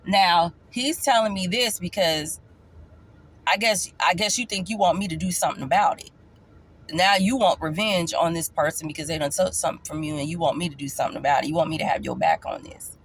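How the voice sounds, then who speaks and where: A woman vlogger telling her own story in a casual storytime, emphatic, animated and repeating key points. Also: on the low side, fairly quick, a little hiss or hum.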